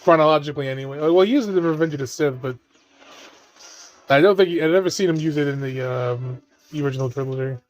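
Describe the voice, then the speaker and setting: A man's voice: a little high, quick pace. A man giving casual watch-along commentary on a movie, laughing often and swearing freely as he riffs jokes.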